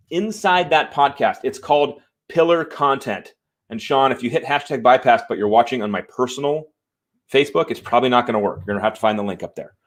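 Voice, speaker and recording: A man hosting a live show from home, talking to viewers in a fired-up, emphatic way and apologizing after swearing. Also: mid-range voice. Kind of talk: live-stream talk to viewers. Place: home room.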